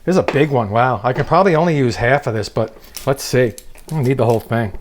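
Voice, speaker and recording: A man's voice: mid-range voice, quick pace, slight background noise. A man hosting a comedic cooking demonstration in a kitchen, joking and teasing his viewers as he goes. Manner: wisecracking, teasing asides to viewers. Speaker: cooking show host.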